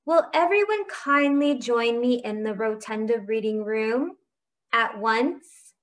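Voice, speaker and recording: A woman voicing an eccentric, booming older game-maker in a storybook read-aloud. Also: slow pace. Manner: booming, theatrical.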